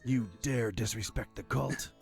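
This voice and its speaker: A man's voice: medium pitch, unhurried, creaky. A man voicing an awkward, dry-witted male hero posing as a cultist, hesitant and wry, in a video game. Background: faint game music.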